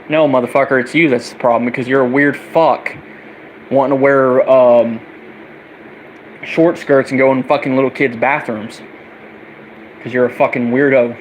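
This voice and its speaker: A young man in an angry, profane rant that circles back on the same insults. His voice sits at an ordinary middle pitch, with a faint air-conditioner hum in the background. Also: fairly even intonation, normal speed, long pauses, poor audio. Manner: heated, profane, repetitive ranting. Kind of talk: angry political rant vlog.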